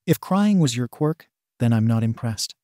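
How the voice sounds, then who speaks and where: A man's voice: mid-range voice, expressive, moderate pace, warm tone, no room sound, studio quality, lightly acted. A man voicing a scornful, impatient young male villain in a story reading, sarcastic and dismissive.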